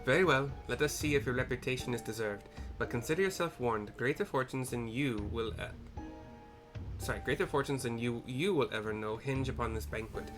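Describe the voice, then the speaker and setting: A haughty, self-important merchant with a loose Irish lilt, put on by a man narrating a game cutscene. He speaks in a dismissive tone, at a middling pitch, with soft music underneath. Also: brisk, close to an everyday voice. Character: pompous wealthy male merchant, small and protective.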